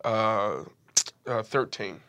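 A man playing a tabletop game who speaks hesitantly, with many pauses and uhs. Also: on the low side, animated, noisy background. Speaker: player.

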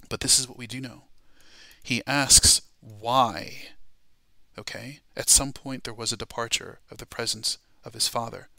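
A man teaching a Bible study class in a sermon style, emphatic and dramatic, slowing down to stress key words. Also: medium pitch, gravelly, bright, forceful tone, no room sound.

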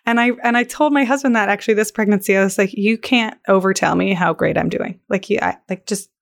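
A woman's voice: medium pitch, quick pace, creaky. A woman hosting a podcast, chatting casually and animatedly, telling stories and acting out the voices she quotes. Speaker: podcast host. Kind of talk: casual conversation.

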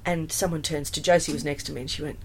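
A woman, a musical theatre performer chatting in an interview, animated and full of fillers and restarts. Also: low voice, rapid-fire, a little hiss or hum. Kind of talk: casual interview storytelling.

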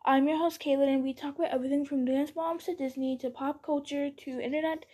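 Young woman, high voice, podcast host, casual chat, scatterbrained, keeps restarting. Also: steady tone, fast talker, darkish tone. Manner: chatty, scattered, self-interrupting with frequent restarts. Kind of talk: casual solo podcast bloopers. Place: at home.

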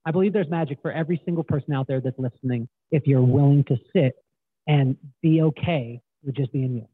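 A middle-aged man guest, telling stories in an animated way and acting out quotes. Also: medium pitch, a little fast, slightly rough, no room sound. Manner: animated storyteller, acts out quotes. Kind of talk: casual storytelling interview. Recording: tinny phone-like line, dry.

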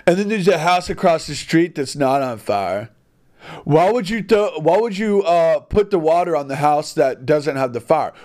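Heated high-voiced man ranting. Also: a little mellow. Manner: heated, blunt, mildly profane, many restarts. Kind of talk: opinionated monologue.

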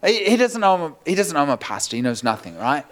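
Male pastor, storytelling sermon, animated, laughs often, slightly high voice. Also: quick pace.

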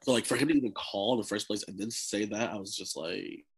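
Husky-voiced young man telling stories. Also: fairly low pitch, quick pace. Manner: chatty, laughs often, many fillers. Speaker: guest. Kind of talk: casual storytelling.

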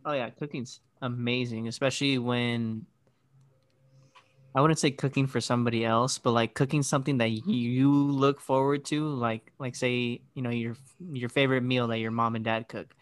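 A man's voice: mid-range voice, steady tone, moderate pace. A young man co-hosting a podcast in rambling, joking casual chat. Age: young adult. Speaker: podcast co-host.

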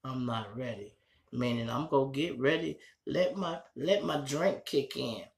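A man's voice: a little high, a little slow, gravelly. Male podcast host, Chicago accent, loose and profane, talking straight to his listeners. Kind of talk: casual street commentary.

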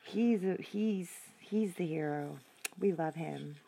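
Gravelly-voiced woman reacting to a horror game. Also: fairly low pitch, takes it slowly, slight background noise, poor audio. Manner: emotional, talks to the screen, swings from whispers to shouts. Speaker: gaming video host.

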